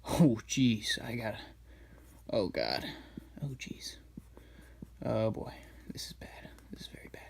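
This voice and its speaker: A man's voice: lowish voice, sing-song, normal speed, gravelly, a little mellow, breathy edge, full character voice. A man voicing a small male messenger bird who panics in a frantic whisper. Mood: panicked.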